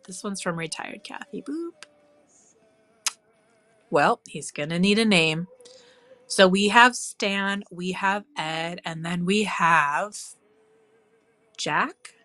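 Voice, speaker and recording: A woman's voice: lowish voice, slow, sharp tone, no echo, faint music behind. A woman chatting casually on a live craft stream, cooing and squealing with delight as she works. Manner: bubbly, coos and squeals over her craft.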